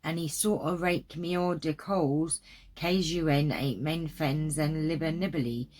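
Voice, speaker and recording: A woman's voice: low voice, steady tone, measured pace, a little mellow. A woman voicing a sly, scheming male fox in folksy dialect, read aloud from an old storybook. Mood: coaxing.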